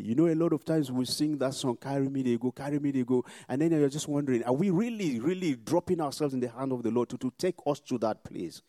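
Male pastor preaching, mellow tone, dry close sound, repeats lines hard then goes quiet for prayer. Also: medium pitch, fast talker, few pauses, no echo. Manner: emphatic, repetitive, swings between loud exhortation and hushed prayer.

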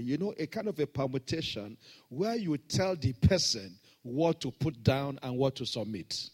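A middle-aged man preaching a sermon, swinging between shouted proclamations and hushed storytelling. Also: mid-range voice, expressive, moderate pace, slightly rough. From Nigeria. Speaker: pastor.

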